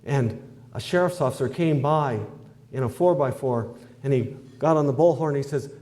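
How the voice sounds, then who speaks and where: Man, mellow, mid-range pitch, folksy conversational storytelling. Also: moderate pace. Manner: homespun, conversational, with fillers and "I says". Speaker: testimony speaker.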